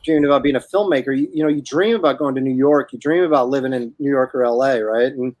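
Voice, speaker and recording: A man's voice: medium pitch, quick pace, a little mellow, no room sound. Rambling man chatting on a dry mic. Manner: rambling, self-interrupting, chuckles often. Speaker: host. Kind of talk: casual chat while drawing.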